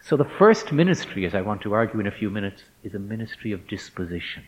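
A man's voice: on the low side, very animated. Man giving a reflective faith talk in a hall. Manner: measured and emphatic, stretching key words. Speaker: speaker addressing ministers. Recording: dull lo-fi recording in a reverberant hall.

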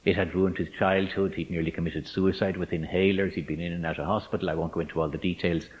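A man giving a reflective faith talk to ministers, measured and emphatic, stretching out key words as he tells an anecdote. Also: sits low, fairly even intonation. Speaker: speaker addressing ministers. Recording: dull lo-fi recording in a reverberant hall.

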